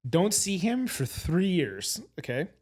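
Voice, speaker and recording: A man's voice: high voice, big pitch swings, slow pace, darkish tone, husky. A man as a rapper guest in a casual podcast chat, rambling through stories and acting out other people's voices. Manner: rambling storyteller, acts out quoted voices.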